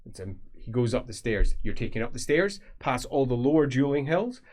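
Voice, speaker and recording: A man's voice: mid-range voice, big pitch swings, moderate pace, a little mellow. A man narrating an improvised tabletop game as game master, rambling with many fillers. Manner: rambling, filler-heavy description.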